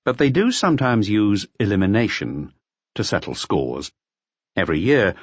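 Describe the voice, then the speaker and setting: Man narrating an audiobook, deep voice, lively intonation, dry dull lo-fi sound. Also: no room sound. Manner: measured, expressive storytelling. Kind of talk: scripted narration.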